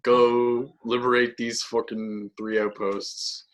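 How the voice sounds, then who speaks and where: A man's voice: mid-range voice, little pitch movement, takes it slowly. A man in casual chat with friends, talking loosely with lots of fillers. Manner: loose, filler-heavy, laughs often.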